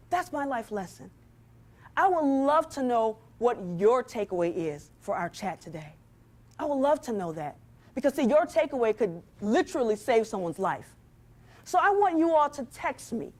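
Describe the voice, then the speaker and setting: A woman giving a motivational talk from a stage, speaking straight to the audience with a lively, preacher-like rhythm. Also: high voice, normal speed.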